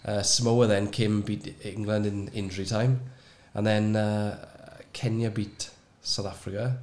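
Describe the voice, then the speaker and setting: Low, flat-voiced man recalling. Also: unhurried. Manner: rambling, hesitant recall with many fillers, brightening at high points. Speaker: guest, former sevens player. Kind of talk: casual interview recollection.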